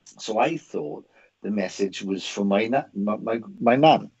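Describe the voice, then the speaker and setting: A man, a medium on a chat show, telling a story in earnest and stumbling over repeated words as he finds his thread. His voice is fairly low and husky. The recording sounds dull and a bit muffled. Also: a little slow, a little mellow. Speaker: psychic medium guest.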